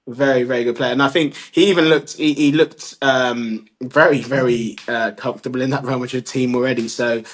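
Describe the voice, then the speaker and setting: A man's voice: medium pitch, steady tone, fairly quick, few pauses. Chatty man with casual slang. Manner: rambling, restarts, casual slang. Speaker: podcast co-host. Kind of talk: casual chat.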